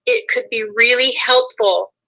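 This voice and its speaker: A woman with a high, very bright voice, chatting as a guest. She talks earnestly and giggles often. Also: measured pace, dull audio. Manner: warm-hearted, giggly, earnest. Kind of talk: casual chat.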